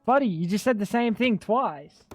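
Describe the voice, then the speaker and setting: A man's voice: high voice, lively intonation, normal speed, soft background music. A young man livestreaming a game, bantering with his chat in a joking, profane way. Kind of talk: casual gaming livestream chat.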